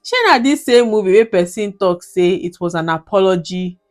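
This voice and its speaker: Faint music plays behind a medium-pitched, lively female voice moving at a moderate pace. The speaker, a young Nigerian video reviewer with a Nigerian accent, casually revisits her old movie reviews, often laughing and mixing in Nigerian Pidgin.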